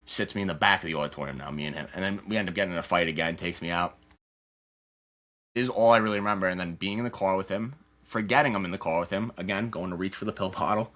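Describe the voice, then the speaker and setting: A young man in his twenties, a podcast guest telling a candid personal story in a loose, rapid way, acting out what others said. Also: sits low, a bit bright. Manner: rapid, loose storytelling full of "like" and acted-out quotes.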